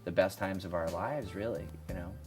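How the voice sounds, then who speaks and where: A man with a very deep voice talks thoughtfully in an interview, pausing to find his words. Soft guitar music drifts behind. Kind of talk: casual interview answers.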